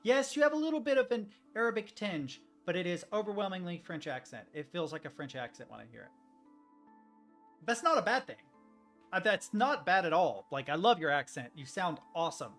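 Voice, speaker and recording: A man's voice: high-pitched, sing-song, fairly quick, fairly bright tone, faint music behind. Chatty American man streaming a game. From United States. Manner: chatty, rambling, talks to chat. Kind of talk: casual gameplay commentary.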